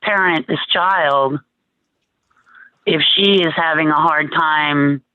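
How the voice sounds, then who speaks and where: A woman's voice: low-pitched, slow, bright, forceful tone, dry recording. A woman testifying as a witness at a court hearing over a video call, giving careful, brief answers. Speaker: witness, visit supervisor. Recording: dull dry video-call audio.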